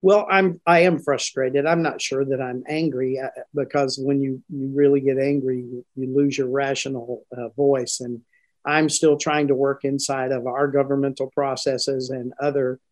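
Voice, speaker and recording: An older man, a retired military commander, giving a broadcast interview in an earnest, emphatic way, slowing down to stress his points. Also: mid-range voice, flat delivery, a little mellow.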